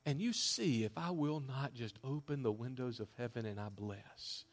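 A man preaching a sermon as a pastor, emphatic, with loud declarations that drop to hushed asides. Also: medium pitch, lively intonation, moderate pace.

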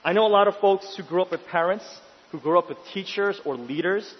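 A man with a fairly high, husky voice delivers a sermon in a large hall with a long reverb. He swings between urgent, rising questions and quiet, hushed stretches. The sound is dull and lo-fi. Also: brisk. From New York City. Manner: emphatic, rising to intense questions then dropping quiet. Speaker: pastor.

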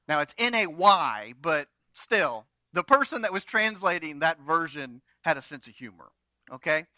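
A man's voice: a little high, lively intonation, normal speed, sharp tone, no echo. A man pastor preaching a sermon, retelling a story with humorous asides.

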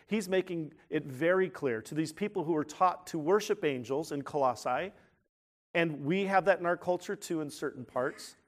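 A man preaching to his congregation in a church, his voice a touch higher than most men's. He leans hard on key words, swelling louder as he drives a point home, and often restarts his phrases mid-thought. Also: moderate pace. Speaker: pastor. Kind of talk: sermon.

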